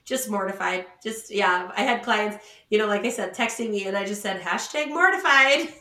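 Animated self-mocking woman, bright and roomy. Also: mid-range voice, moderate pace. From Pacific Northwest. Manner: animated, self-mocking, laughs often, acts out quotes. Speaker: podcast co-host; salon owner. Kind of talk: casual storytelling chat.

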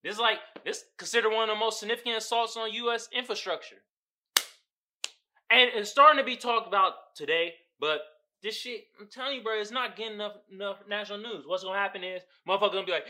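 A young man hosting a podcast, giving casual, profane, animated commentary straight to his listeners. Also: high-pitched, brisk. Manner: animated, loud, swearing, talking straight to listeners. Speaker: podcast host.

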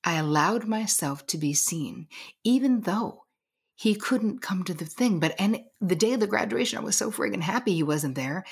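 A woman's voice: mid-range voice, lively intonation, normal speed, vocal fry, husky. A middle-aged woman, a guest coach, telling a personal story in an earnest, emphatic way. She sometimes drops to a whisper to stress a point.

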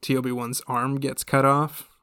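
A young man casually retelling a film to friends, animated and laughing often. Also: medium pitch, normal speed, smooth, no echo, clean studio sound.

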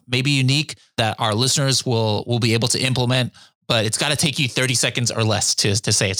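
A man's voice: medium pitch, bright, forceful tone, no room sound. A man hosting a podcast interview, upbeat, chatty and playful with his guest. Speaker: podcast host. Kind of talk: casual interview.

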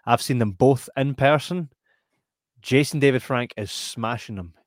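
A man with a Scottish accent hosting a podcast in casual chat, animated and laughing as he reads out viewer comments. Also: medium pitch, a little slow, dry recording, studio quality. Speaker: podcast host.

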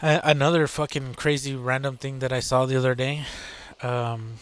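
A man's voice: mid-range voice, level tone, normal speed, clean tone. A man hosting his own show, ranting casually and profanely with sarcasm, fillers and bursts of laughter. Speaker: podcast host. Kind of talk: casual solo rant.

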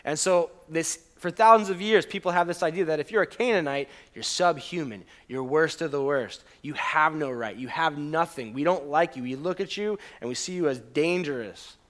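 Animated man preaching a casual sermon. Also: fairly high pitch, moderate pace, hardly any pauses. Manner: conversational, animated preaching with questions to the congregation. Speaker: pastor.

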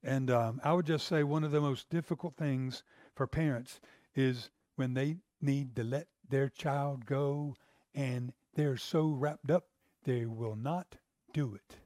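A man's voice: medium pitch, steady tone, slow, a little mellow, no echo, clean studio sound. A man pastor preaching a sermon in an earnest, conversational way, asking the listeners questions.

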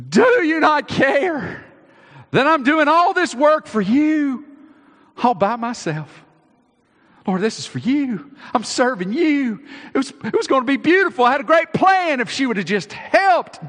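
A male preacher voicing an exasperated busy woman who pleads in a high, strained, whiny voice. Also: a bit bright, full character voice. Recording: long reverb.

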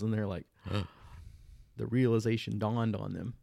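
A man with a gravelly voice tells tabletop game anecdotes in a relaxed, chuckling way. His co-hosting chat is casual. The recording is dry and close. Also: lowish voice, slow pace, no echo. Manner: laid-back storyteller, chuckling through anecdotes. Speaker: podcast co-host.

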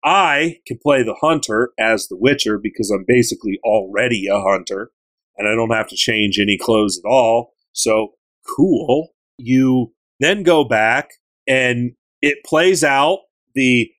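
A man chatting casually on a gaming podcast, retelling a story with animated, joking energy. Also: mid-range voice, measured pace. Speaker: podcast co-host recapping a game.

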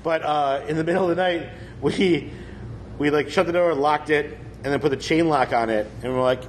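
A man's voice: fairly high pitch, normal speed, slight background noise. A man telling a long story in casual chat, rambling with lots of fillers and laughing as he goes.

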